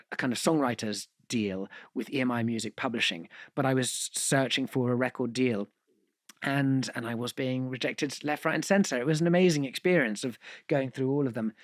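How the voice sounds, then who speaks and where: A man of middle pitch tells his story as a podcast guest, with no room sound around his voice at all. He rambles along in a self-deprecating way, trailing into fillers and restarting his sentences. The tone is relaxed and conversational, like an easy anecdote. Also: dry recording, studio quality.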